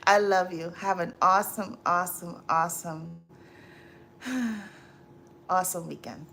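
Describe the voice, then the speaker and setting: A woman's voice: on the low side, measured pace, vocal fry, long pauses, fairly bright tone. A woman hosting a livestream, chatting casually to viewers, exasperated and preachy, repeating herself. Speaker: livestream host. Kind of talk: casual live chat, advice to viewers.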